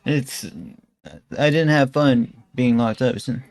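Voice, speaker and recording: A man's voice: mid-range voice, steady tone, slow, darkish tone, no room sound. A young man streamer giving rambling, slangy reaction commentary into a close mic.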